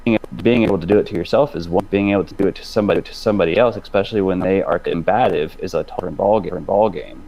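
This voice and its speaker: A man's voice: low-pitched, rapid-fire, few pauses, mellow, highs cut off. A man talking thoughtfully in a casual group discussion on a live stream, often repeating and restarting his words.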